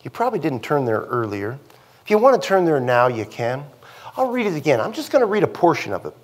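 A man's voice: a little high, sing-song, fast. A man preaching a conversational sermon in church, with frequent asides and questions to the congregation. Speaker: pastor.

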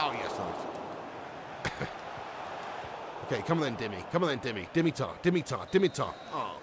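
A man doing live commentary on his game stream, excitable, yelling at plays and chatting with viewers. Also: mid-range voice, normal speed, pauses often, a crowd in the background.

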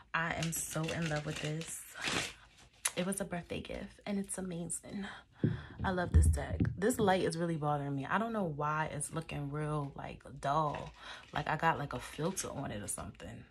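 Low-voiced young woman chatting casually. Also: background noise. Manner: chatty, laughing, swears casually. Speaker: tarot reader. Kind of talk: casual chat, tarot reading. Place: dim room indoors. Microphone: phone camera.

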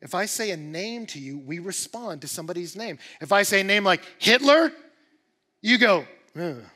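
A male pastor preaching a sermon in an animated, emphatic way, with rising bursts of energy. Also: high-pitched, normal speed, big-room sound. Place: church auditorium.

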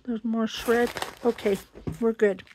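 A woman's voice: a little high, level tone, takes it slowly, a little mellow, slight background noise. A woman hosting a casual crafting vlog, chatting and gushing as she unboxes a handmade gift. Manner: gushing, chatty, exclaims over each item. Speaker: crafting channel host.

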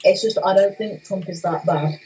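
A man's voice: high voice, moderate pace, a little mellow, far from the mic, rough recording. A man co-hosting a casual gaming livestream, stammering and repeating his words. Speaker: livestream co-host.

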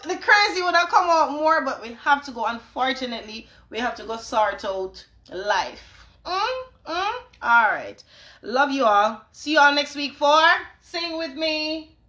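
Woman, live-stream host, high bright voice, exuberant and teasing, roomy echo. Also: very animated, unhurried. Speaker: singer hosting a live stream. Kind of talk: casual live-stream chat.

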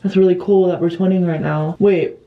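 A man's voice: sits high, steady tone, a little fast, narrow, tinny audio. Sarcastic young man vlogging at home. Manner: sarcastic, self-mocking, dramatic. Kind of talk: casual self-filmed vlog. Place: at home in a bedroom and bathroom.

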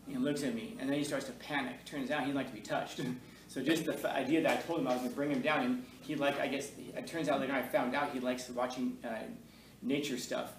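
A middle-aged male high school teacher leading a class discussion and telling a story, animated, laughing, and acting out voices. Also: fast talker, slight background noise. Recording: echoey classroom from far off, faint ambience.

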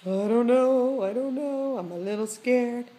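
A woman's voice: a little high, measured pace, dark tone, lightly acted. A woman voicing the hesitant thoughts of a shy, cute male cat in a mumbled inner voice.

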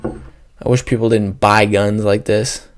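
Slow-talking young man ranting on a podcast. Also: on the low side, flat delivery, noisy background. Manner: profane, rambling and jokey. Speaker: podcast host. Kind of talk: casual solo podcast rant. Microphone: podcast microphone.

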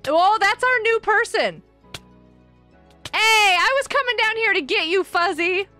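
A woman streaming a game live, giggling often and reacting excitedly while greeting her viewers. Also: very high-pitched, unhurried, faint music behind. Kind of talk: live-stream gameplay commentary.

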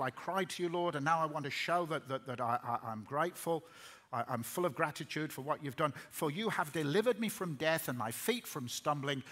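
A man's voice: on the high side, pushed and bright. A middle-aged man preaching a sermon in earnest, repeating words as he builds up. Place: large hall.

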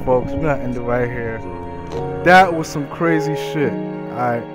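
Gaming host, male, slow unhurried delivery, swears a lot and reacts out loud, loud game music underneath. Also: medium pitch. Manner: profane, excitable, reacting aloud to the game. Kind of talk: casual let's-play commentary.

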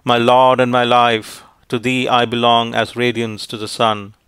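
A man's voice: medium pitch, steady tone, normal speed, a bit bright, smooth, no room sound, lightly acted. Sita, a man reading a faithful captive princess. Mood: defiant. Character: grieving captive young princess, faithful and defiant.

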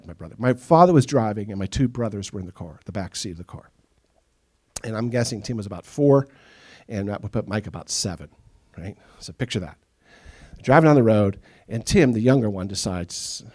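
A middle-aged man preaching a sermon as pastor, telling stories and acting out the people he quotes. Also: lowish voice. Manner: animated storytelling, acts out quoted voices. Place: church sanctuary.

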